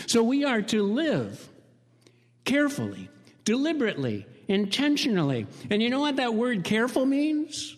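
A man's voice: extremely high pitch, huge pitch swings, normal speed, big-room sound. A man pastor giving a sermon in a conversational, storytelling way, building up to emphatic repeated phrases. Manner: conversational, anecdotal preaching with rising emphatic repetition.

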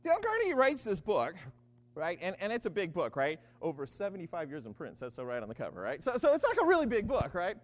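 A Bible teacher giving an animated study talk, often checking in with listeners and acting out the quoted lines. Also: mid-range voice, quick pace, long reverb tail.

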